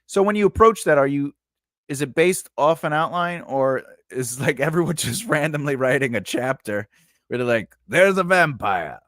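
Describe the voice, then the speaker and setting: A man's voice: fairly high pitch, moderate pace, no room sound, clean studio sound. A man hosting a casual live writing class, talking loosely with lots of fillers and puns, laughing often. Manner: punning, loose, full of "like" and "you know". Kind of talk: casual live-streamed lesson, reading chat comments.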